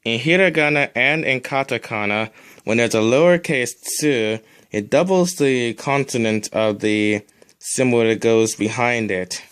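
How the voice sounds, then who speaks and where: A man's voice: medium pitch, a little slow, fairly bright tone, clean tone. A man teaching a recorded language lesson, drilling sounds one at a time and adding casual asides.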